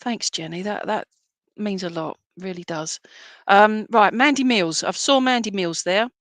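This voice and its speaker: A woman of medium pitch, speaking a little slowly with no echo, acts as a medium at a live-streamed church service. She gives spirit readings lovingly and reassuringly, often pausing to ask "all right?"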